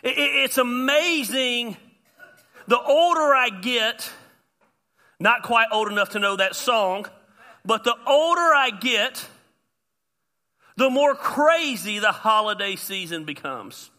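A man, a pastor preaching an animated sermon with self-deprecating humor. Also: very high voice, takes it slowly, pauses often. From US South.

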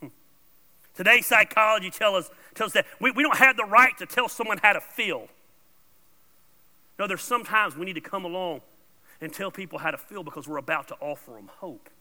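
A man preaching a sermon as pastor, blunt and informal, swinging between loud emphatic bursts and soft asides. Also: sits high, fairly quick, pauses often. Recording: long reverb of a large hall.

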